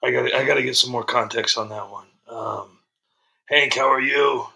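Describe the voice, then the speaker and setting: A man's voice: mid-range voice, normal speed, gravelly, bright, forceful tone, slightly rough. A man hosting a casual livestream, greeting viewers and reading chat comments in a rambling way. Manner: rambling, frequent ums and restarts. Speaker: livestream host.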